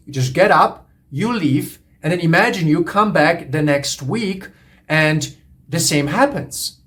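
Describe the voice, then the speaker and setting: A man's voice: fairly high pitch, lively intonation, moderate pace, a bit bright. A man coaching on relationships, lecturing in an earnest, repetitive, emphatic way. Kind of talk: monologue lecture to camera.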